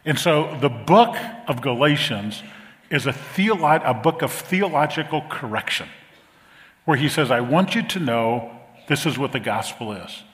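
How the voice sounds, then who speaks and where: A middle-aged man preaching a sermon as pastor, animated and repeating phrases for emphasis. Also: mid-range voice, measured pace. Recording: long reverb of a large hall.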